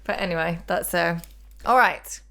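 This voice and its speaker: A woman co-hosts a casual podcast with a slightly low voice. She is exclamatory and often breaks into laughter mid-sentence. Her swearing comes out loud and playful. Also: normal speed. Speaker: podcast co-host.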